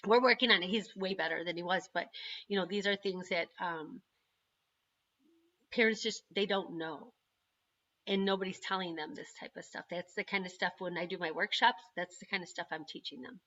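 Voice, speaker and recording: A woman, the parent of an autistic son, chatting casually on a video call and telling stories in an animated way. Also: fairly low pitch, normal speed, muffled recording, a little hiss or hum. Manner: chatty, animated storytelling with frequent laughs. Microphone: computer microphone on a video call.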